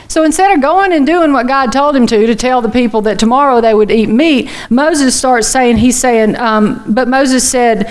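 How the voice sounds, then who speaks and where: A woman's voice: fairly high pitch, normal speed, clean tone. A woman preaching a chatty, folksy sermon full of personal asides. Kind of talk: conversational sermon.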